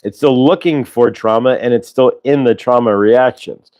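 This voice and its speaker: A man's voice: medium pitch, normal speed, muffled recording. A man hosting a casual livestream, rambling and tagging on "right?" as he talks. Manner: rambling, keeps adding "right?". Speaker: livestream host.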